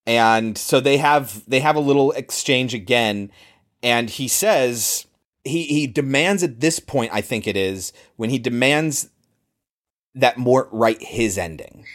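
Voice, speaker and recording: Relaxed male podcast co-host. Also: mid-range voice, takes it slowly. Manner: relaxed, explains plot points at length. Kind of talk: casual film chat.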